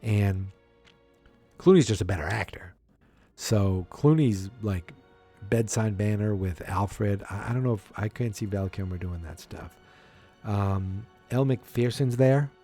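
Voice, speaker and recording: A podcast host with a lowish, dark-toned voice speaks unhurriedly over soft background music. He recaps a movie casually and ramblingly, acting out lines in silly voices for a laid-back review chat.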